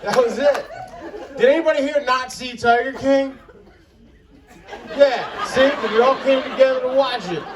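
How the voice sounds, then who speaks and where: A man's voice: extremely high pitch, a little slow, long pauses. A man doing a crude, profane stand-up comedy set in an outdoor festival tent, telling his stories with exasperation. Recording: distant crowd recording with background noise. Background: audience laughter.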